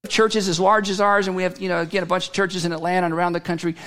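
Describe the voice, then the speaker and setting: A man preaching a sermon as a pastor, telling a story in a conversational way with halting restarts. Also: sits high, little pitch movement, fairly bright tone. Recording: long hall reverb.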